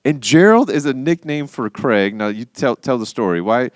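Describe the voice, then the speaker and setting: A man in his thirties co-hosting a podcast, telling a story in casual chat and acting out quotes with big jumps in pitch. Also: animated, normal speed, dry recording, studio quality. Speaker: podcast co-host.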